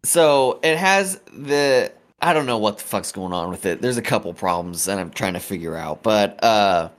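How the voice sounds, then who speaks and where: A man's voice: lowish voice, animated, moderate pace. A young man co-hosting a podcast, telling stories casually with frequent laughter and swearing. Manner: laughing, rambling storyteller. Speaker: podcast co-host. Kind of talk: casual chat.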